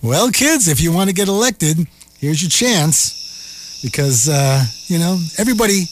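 A man hosting a radio show, talking in a casual, animated and sarcastic way. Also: high voice, unhurried, a little hiss or hum. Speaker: radio host. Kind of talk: casual on-air commentary. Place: radio studio.

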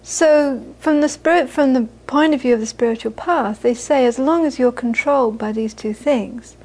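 Woman, Buddhist teacher, high voice, conversational dharma talk, repeats for emphasis. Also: moderate pace, darkish tone, rough recording. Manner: conversational, repeats phrases for emphasis, laughs often. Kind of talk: informal dharma talk to an audience.

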